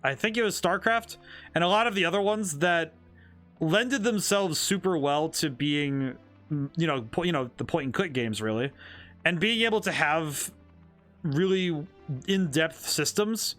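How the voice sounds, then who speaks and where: A man's voice: fairly high pitch, lively intonation, a little slow, a bit bright, faint music behind. A man, a game designer, chatting casually while streaming a game, rambling and thinking aloud with many restarts. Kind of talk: casual gameplay commentary.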